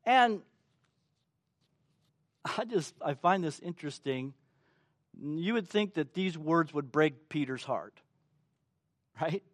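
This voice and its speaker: A man's voice: a little high, slow, long pauses, dry recording, clean studio sound. A male pastor preaching a sermon, acting out quotes and asking the congregation questions. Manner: animated, acts out quotes, asks the congregation questions.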